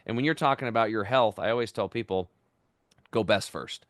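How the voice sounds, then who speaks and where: A man in his fifties, a podcast guest, telling his story in an energetic, animated way. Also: lowish voice, a little fast, no echo, clean studio sound. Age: 50s. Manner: energetic, animated, acts out quoted voices. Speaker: podcast guest, health entrepreneur. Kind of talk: casual storytelling interview.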